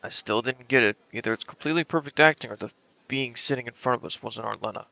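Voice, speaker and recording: A man's voice: mid-range voice, fast, creaky, bright, forceful tone, no echo. A young man streaming, reading a visual novel aloud dramatically and adding joking asides.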